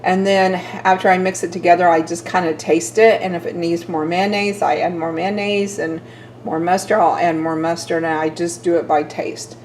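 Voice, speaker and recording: A woman's voice: on the low side, level tone, normal speed, a little mellow, a little hiss or hum, poor audio. An older woman from Missouri chatting casually to her camera at home, homely and friendly with her viewers. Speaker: vlogger. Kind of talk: casual vlog chat to camera. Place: home kitchen. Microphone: handheld camera.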